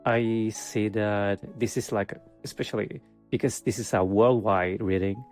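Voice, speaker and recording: A man with a fairly low voice talks through a monthly tarot reading at an unhurried pace. He wanders through his thoughts with plenty of ums and likes, and often breaks into small chuckles and self-mocking sarcasm. Quiet music plays softly underneath. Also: fairly even intonation. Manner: rambling, filler-heavy, chuckles often. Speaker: tarot reader.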